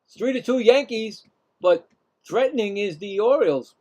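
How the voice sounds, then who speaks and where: A man with a Brooklyn accent hosting a casual live play-by-play stream, chatting and rambling between pitches. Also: expressive, moderate pace, a little mellow. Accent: Brooklyn New York.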